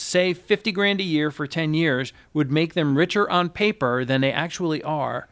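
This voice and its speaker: Higher-pitched man explaining finance. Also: moderate pace, fairly bright tone. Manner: explanatory, reads quotes aloud with emphasis. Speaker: podcast co-host, financial advisor. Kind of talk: casual finance podcast chat.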